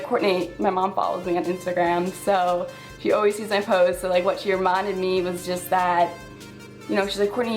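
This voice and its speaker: A fitness vlogger in her twenties speaks heartfelt words in a personal vlog, close to tears and leaning heavily on "like" and "um." Her voice sits in the mid-range, and the recording is rough.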